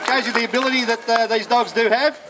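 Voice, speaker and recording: A man gives a live outdoor talk on training working dogs, speaking in a plain, practical way. His voice sits fairly high for a man. A faint hiss of outdoor noise runs under him. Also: fairly even intonation, fast talker, a crowd in the background. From Australia. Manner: explains plainly between short commands to dogs. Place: outdoors at a festival display.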